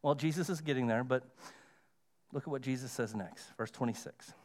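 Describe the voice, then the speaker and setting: A male pastor preaching a sermon to his church, emphatic and conversational, with dramatic pauses and repeated phrases. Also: medium pitch, darkish tone. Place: church sanctuary.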